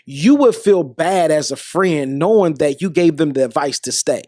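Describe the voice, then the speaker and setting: A middle-aged man hosts a podcast, offering earnest motivational advice directly to his listeners and frequently restarting his sentences. His voice sits a little high and sounds expressive and mellow at a normal speed. The recording is studio quality with no room sound.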